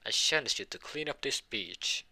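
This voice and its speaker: A man voicing a big, kindly male hero mentor who speaks in a formal, soft-spoken way. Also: medium pitch, lively intonation, moderate pace, pitched above the performer's own voice, heavily acted.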